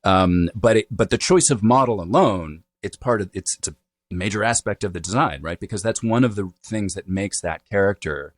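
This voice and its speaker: A man's voice: on the low side, normal speed, no echo, clean studio sound. A middle-aged man, a dialect coach, explaining accents in an interview, demonstrating vowel sounds and checking in with "right?" as he goes.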